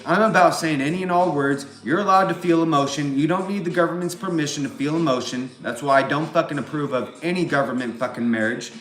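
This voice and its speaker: A man's voice: a little high, fast talker, hardly any pauses, fairly bright tone, soft background music. A man from California with a Californian accent, talking in a rambling, profane monologue that keeps circling back on filler phrases. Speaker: vlogger. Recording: roomy echo.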